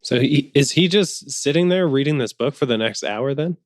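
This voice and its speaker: A man's voice: mid-range voice, animated, moderate pace, noisy background. A man playing in a tabletop game, trading wry, joking banter. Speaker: player. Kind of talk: casual chat at the gaming table.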